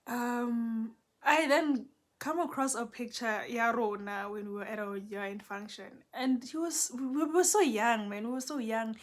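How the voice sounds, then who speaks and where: Young South African woman, Setswana speaker, animated casual storyteller, slightly high voice. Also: measured pace. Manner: animated, code-switching, dramatic retelling.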